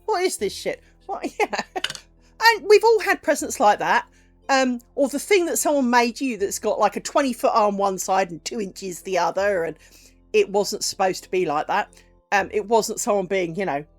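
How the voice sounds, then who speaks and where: A middle-aged woman, chatting casually with viewers during a crafts stream, animated and profane, acting out little conversations. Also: a little high. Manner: chatty and animated, swears freely, acts out little dialogues. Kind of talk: casual chat with live viewers while crafting.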